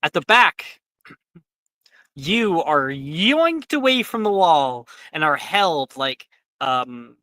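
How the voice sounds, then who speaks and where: Man, game master, streamed tabletop game, casual narration, swearing, bright tone, dry sound. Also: a little high, very animated, dry recording. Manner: casual, swears, quick asides. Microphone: headset or desk mic on a stream.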